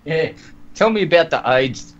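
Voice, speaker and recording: A man's voice: a little high, expressive, normal speed, slight background noise. A man in casual group call banter, swearing a lot, mocking and laughing. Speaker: call participant. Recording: dull lo-fi online call audio.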